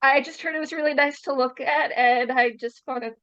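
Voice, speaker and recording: A woman's voice: high voice, fairly even intonation, brisk, fairly bright tone. A woman playing a scheming prisoner who feigns innocence. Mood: sly. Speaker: guest player. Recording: dull lo-fi mic.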